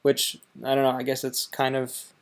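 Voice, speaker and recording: A man from Wisconsin with an Upper Midwest American accent, chatting casually and hesitantly as he pauses a video to react. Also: medium pitch, completely flat delivery. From Wisconsin, USA.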